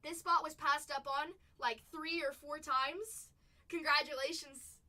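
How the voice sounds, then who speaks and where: A woman hosting a live card-opening stream, calling out each pull with excited exclamations. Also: high voice, unhurried. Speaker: livestream card-break host. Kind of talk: live unboxing commentary. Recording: voice a bit far from the mic.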